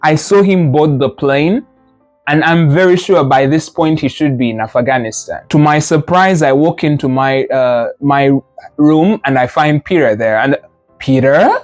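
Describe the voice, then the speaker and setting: A man's voice: on the high side, moderate pace, faint music behind. A man teaching a language class, patiently modeling sounds and drilling students with repetition. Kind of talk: classroom lesson.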